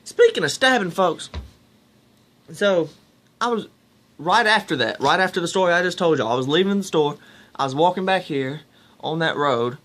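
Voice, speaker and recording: Speaking at a normal speed with long pauses, this young man has a fairly high, lively and fairly bright voice. He's a vlogger casually rambling through stories on camera, restarting himself and addressing his audience as "y'all."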